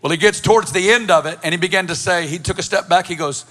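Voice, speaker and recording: A man's voice: sits high, fast, few pauses, pushed and bright. A man preaching a sermon through a personal story, speaking emphatically and building to passionate lists.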